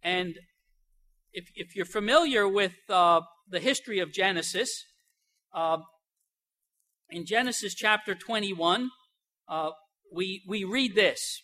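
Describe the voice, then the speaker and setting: Bright-voiced older woman preaching. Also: medium pitch. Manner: emphatic, slows right down on key phrases; swings between soft asides and loud stresses. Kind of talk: sermon.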